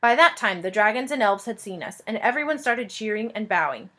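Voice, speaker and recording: A woman reading a children's fantasy book aloud in a lively, expressive way. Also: mid-range voice, fairly quick. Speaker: reader. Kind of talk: storybook read-aloud narration.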